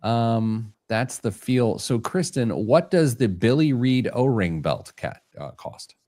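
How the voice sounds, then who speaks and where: A man's voice: medium pitch, expressive, slow, dark tone. A man hosting a casual podcast, joking at his own expense and tripping over his words. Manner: jokey, self-deprecating, stumbles over words. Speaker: show host.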